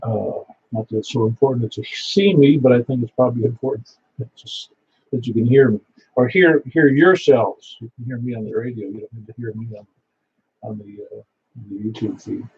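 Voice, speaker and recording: A man runs an amateur radio net, giving announcements in a folksy, rambling way and repeating details back to confirm them. His voice is mellow and dark. The sound is a little dull, with a faint hiss under it. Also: mid-range voice, moderate pace.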